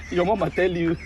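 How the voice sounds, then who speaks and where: Laughing, teasing Nigerian man, very high voice. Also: lo-fi sound. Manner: laughs constantly, teasing and mocking. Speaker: comedic commentator. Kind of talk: mocking comedic commentary. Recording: loud background noise.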